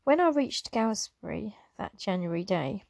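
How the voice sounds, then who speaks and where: A woman's voice: medium pitch, big pitch swings, measured pace, creaky, dry recording. A woman reading an old memoir aloud, now and then stumbling over a word and correcting herself. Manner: unscripted asides with soft laughs. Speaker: reader.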